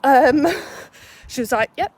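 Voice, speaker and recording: A young adult woman from England talking straight to camera in a casual vlog, chatty and animated, swearing freely as she retells her day. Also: medium pitch, moderate pace. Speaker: vlogger.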